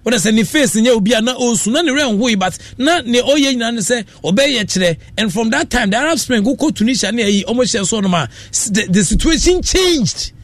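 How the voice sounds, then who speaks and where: A man's voice: extremely high pitch, expressive, fairly quick, hardly any pauses, a bit bright, dry recording. A Ghanaian man hosting a radio show, giving rambling casual commentary that mixes Akan and English.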